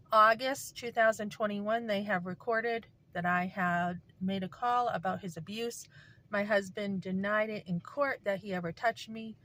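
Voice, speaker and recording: A woman's voice: mid-range voice, fairly bright tone. A woman, a mother, telling a personal story in a candid, conversational way and acting out the arguments she recalls. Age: adult with a son. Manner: candid, acts out quoted arguments. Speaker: speaker sharing her story.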